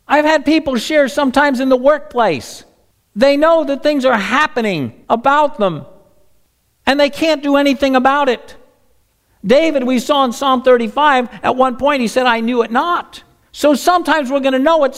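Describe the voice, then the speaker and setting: A man preaching a sermon, reading scripture aloud and asking the congregation rhetorical questions. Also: extremely high pitch. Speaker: pastor.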